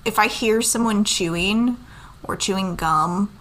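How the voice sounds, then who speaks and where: A woman's voice: medium pitch, unhurried, fairly bright tone, rough recording. A woman co-hosting a casual chat, blunt, swearing freely and laughing often.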